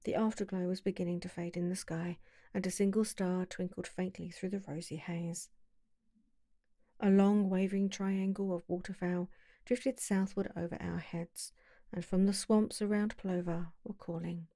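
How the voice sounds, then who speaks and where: Mellow woman reading an audiobook. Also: on the low side, dry recording, studio quality. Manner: calm, measured storytelling. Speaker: audiobook narrator. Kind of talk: audiobook narration.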